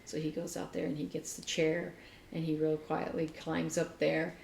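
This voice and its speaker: A woman with a slightly low voice tells an animated, laugh-filled story in casual conversation. Her voice rings in a roomy space. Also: normal speed, gravelly, slight background noise. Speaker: podcast co-host. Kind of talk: casual chat. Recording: roomy echo.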